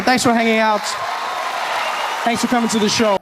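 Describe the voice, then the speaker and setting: A man in his thirties from Africa, performing a stand-up set and jumping into high put-on voices for his bits. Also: level tone, normal speed, pauses often, crowd noise, noisy background. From South Africa. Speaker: stand-up comedian. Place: live comedy venue.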